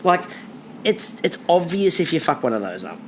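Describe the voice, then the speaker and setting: A man co-hosts a casual podcast chat and swears freely as he goes. His pitch swings widely from line to line. A faint hiss sits under the recording. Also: moderate pace. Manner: animated, swears freely, lists things off. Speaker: podcast co-host.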